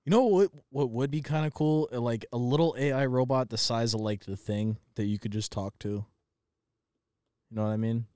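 A man's voice: medium pitch, moderate pace, dark tone, smooth, no room sound, studio quality. Laid-back man making crude jokes. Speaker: podcast co-host. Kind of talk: casual chat.

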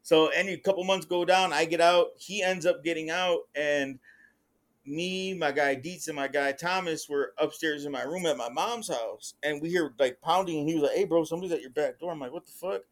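A man casually telling a story on a podcast, heavy with slang, acting out what others said. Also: normal speed. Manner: animated, acts out quotes with rising pitch, heavy slang. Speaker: podcast host.

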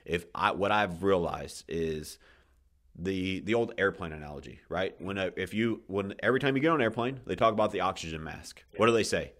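A man's voice: low-pitched, brisk, fairly bright tone. A man hosting a podcast, talking casually and passionately, swearing often and restarting his sentences, getting emotional as he tells his story. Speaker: podcast host.

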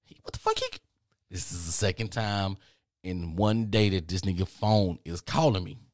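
A man hosting a podcast who tells a comedic personal story in an animated, exasperated way, swearing freely. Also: low-pitched, measured pace, dry recording, studio quality. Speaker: podcast host.

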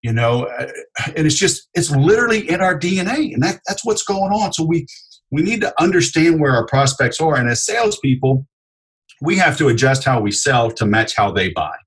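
A man on a podcast talking about selling, acting out lively customer dialogues as he explains. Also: a little high, normal speed, slightly rough, rough recording. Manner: animated storyteller, acts out customer dialogue. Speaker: sales expert guest. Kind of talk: podcast interview.

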